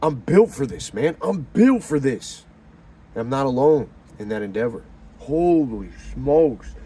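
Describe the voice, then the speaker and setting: A man giving a profane, animated religious pep talk, swinging from loud fired-up bursts to low hushed murmurs. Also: unhurried, slight background noise. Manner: profane and slangy. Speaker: motivational talker.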